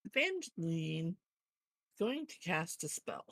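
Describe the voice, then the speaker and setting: A woman playing a tabletop game who talks slowly in a bright, forward voice. She is giggly and unhurried, and the sound is dry and close. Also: medium pitch, animated, no echo. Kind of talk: casual game chat.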